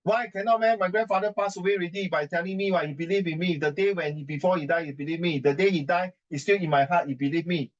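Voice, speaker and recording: A man's voice: high-pitched, fairly even intonation, quick pace, hardly any pauses, dull audio. A man with a Singaporean English accent ranting indignantly in conversation, emphatic and repetitive, slipping into Mandarin and Singlish. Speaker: adult giving writing advice.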